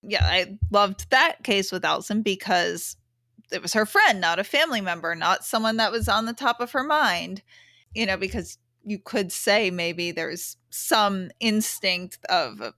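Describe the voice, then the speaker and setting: A woman interviewer with a bright, crisp voice asks questions and adds engaged follow-up comments. Her recording is dry and close, with no room sound. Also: mid-range voice, lively intonation, a little slow, dry recording.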